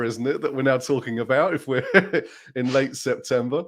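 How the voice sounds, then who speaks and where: A man's voice: mid-range voice, normal speed, a bit bright. Cheery british guy hosting a live panel over video call, chatty, laughs a lot. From United Kingdom. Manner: upbeat and chatty, laughs often. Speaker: host.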